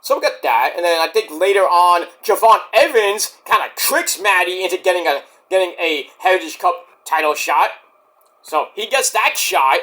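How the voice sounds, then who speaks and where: A man reviews a wrestling show in a loose, unscripted monologue. His voice sits high and bright, and his pitch leaps around constantly. He curses freely and bursts into shouted impressions of the people he talks about. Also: normal speed. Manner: animated, swears, switches to shouting impressions. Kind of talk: casual solo review rant.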